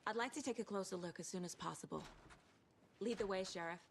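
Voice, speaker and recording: An actress playing a calm, focused female FBI agent in a video game, speaking in a level, businesslike way over faint game ambience. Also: medium pitch, fast, slight background noise, close to an everyday voice. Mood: steady.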